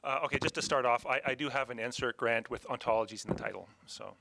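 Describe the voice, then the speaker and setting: A man's voice: mid-range voice, quick pace, vocal fry, background noise. A man from Canada presenting slides at a conference, hesitant and full of fillers. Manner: hesitant, many fillers and restarts. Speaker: panel speaker.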